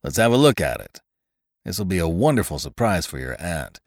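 A man reading aloud and voicing a bluff, hearty, red-faced older uncle with a blustering, booming manner. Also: sing-song, normal speed, no echo, studio quality.

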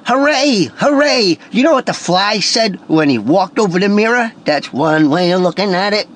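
A man's voice: lively intonation, normal speed. A man doing a chirpy wisecracking cartoon parrot. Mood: cheerful. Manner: high, gravelly East Coast comic voice. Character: cute little male parrot, cheerful joker.

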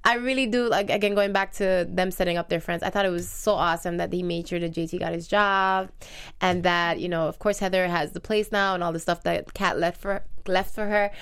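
A woman's voice: on the low side, steady tone, a little fast, a bit bright, clear, resonant tone. A woman co-hosting a casual show, chatting animatedly, laughing often and reading out listener comments. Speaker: podcast host. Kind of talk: casual recap chat.

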